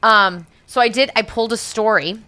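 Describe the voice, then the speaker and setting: Woman, podcast co-host, casual storytelling, laughs often, bright tone. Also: a little high, normal speed, dry recording.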